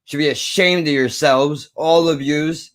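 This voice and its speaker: A man in his thirties rants through a story, swearing freely and getting heated. His voice sits a little high for a man, and he stays animated and worked up throughout. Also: unhurried. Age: 30s. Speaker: vlogger. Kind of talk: ranting storytelling.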